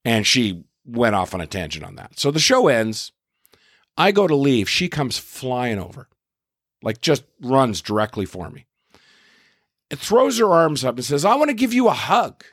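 Exasperated middle-aged comedian telling a story. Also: male voice, medium pitch, a little slow, no room sound, studio quality. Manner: lively storyteller, exasperated, swears. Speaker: comedian and podcast host. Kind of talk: casual storytelling.

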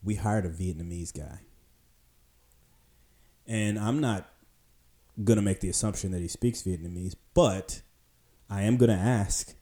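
Man, low voice, casual animated storyteller; emphatic, acts out the people he quotes. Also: a little slow, long pauses. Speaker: podcast storyteller.

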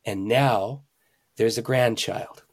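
A husky-voiced man speaking at a middle pitch, a pastor telling stories as a guest in a conversation. He talks with lively emphasis, rising and getting louder at the key points, then dropping low and quiet. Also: slow. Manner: animated, emphatic, jumps between loud and hushed. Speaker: pastor and author, interview guest. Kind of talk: conversational storytelling.

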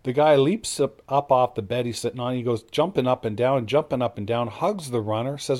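A middle-aged man teaches from the Bible in an informal, sermon-like way. His pitch sits in the middle range. He tells his story casually, acting out the quoted lines and often stopping to restart a phrase. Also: fairly quick, hardly any pauses, a little mellow.

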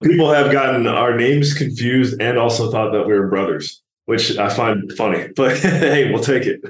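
A man's voice: medium pitch, moderate pace, echoey room, slight background noise. A man hosting a casual interview in a friendly manner, laughing easily. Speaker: podcast host.

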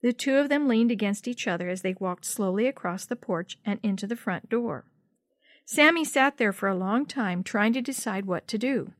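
A woman narrating a children's story in a steady, clear read-aloud style. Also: mid-range voice, moderate pace, dry recording, studio quality.

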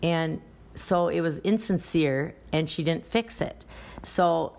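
A woman's voice: sits low, slow, creaky, darkish tone. A woman who runs a dance studio, talking casually on a podcast and telling chatty anecdotes. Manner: chatty, anecdotal, restarts often.

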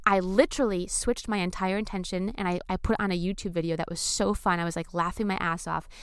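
A woman talking casually and enthusiastically to her viewers about surrender and manifestation, with casual swearing and bursts of excitement. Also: lowish voice, fast, clear, resonant tone, no echo, studio quality. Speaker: spiritual vlogger. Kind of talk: casual spiritual talk to camera.

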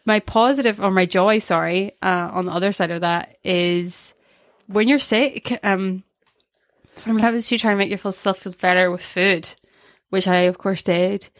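A woman's voice: medium pitch, measured pace, dry recording, clean studio sound. A young woman, co-hosting a podcast and telling stories in casual, self-mocking chat. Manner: chatty storyteller, self-mocking. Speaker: podcast co-host.

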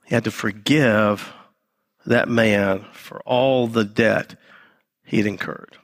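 A man preaching a sermon in church. He repeats key phrases and drops into a low, quiet voice to stress them. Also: steady tone, takes it slowly. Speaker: pastor.

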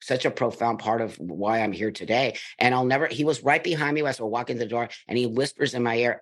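A man's voice: medium pitch, fairly quick. A middle-aged man from the United States, a podcast guest, telling his life story in blunt, emphatic conversation. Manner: emphatic, blunt, animated in retelling.

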